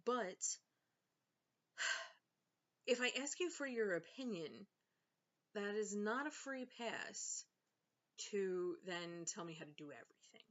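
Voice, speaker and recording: A woman's voice: mid-range voice, animated, takes it slowly, pauses often, fairly bright tone. Exasperated young woman ranting at home. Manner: exasperated, sarcastic, lots of fillers. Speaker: vlogger and author. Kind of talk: casual ranting vlog. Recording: slightly dull lo-fi sound.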